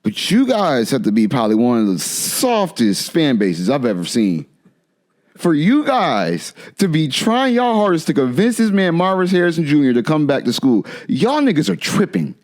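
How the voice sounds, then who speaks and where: A man's voice: fairly high pitch, sing-song, moderate pace, a little mellow. A man co-hosting a podcast, talking college football in blunt, teasing, profane casual chat. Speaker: podcast co-host.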